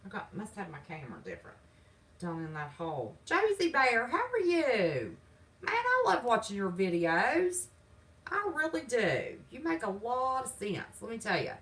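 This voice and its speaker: A woman's voice: mid-range voice, wildly swooping pitch, normal speed, fairly bright tone, far from the mic, low-quality recording. A woman with a Southern accent from West Virginia, hosting a livestream from her home, talking in a sassy, defiant, folksy way while reading chat. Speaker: channel host. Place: home, indoors.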